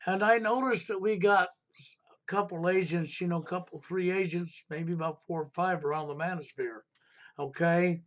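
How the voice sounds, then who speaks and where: A man's voice: sits high, normal speed. A man hosting a live stream, ranting insistently and repeating rhetorical questions. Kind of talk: heated political talk stream.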